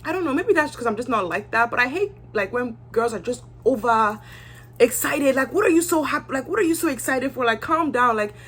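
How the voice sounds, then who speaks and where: A woman's voice: high-pitched, expressive, brisk, fairly bright tone, breathy edge. A young woman giving casual, candid commentary on a reality show, sometimes acting out the cast's lines. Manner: chatty, candid, acts out cast members' lines.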